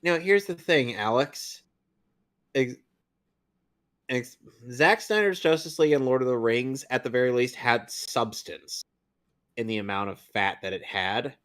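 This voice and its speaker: A blunt man in casual movie-review chat. His voice sits at a middling pitch, and he swears freely while talking things over. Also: measured pace, a bit bright. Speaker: podcast co-host.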